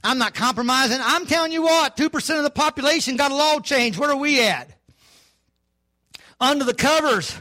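An older man, preaching a sermon with fervor that rises to shouts. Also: very high voice, moderate pace, pauses often, no echo. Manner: fervent, rising to shouts, southern-style preaching. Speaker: pastor.

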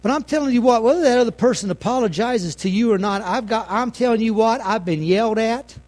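A middle-aged man pastor preaching a folksy sermon, swinging between loud lines and hushed asides. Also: very high-pitched, a little fast.

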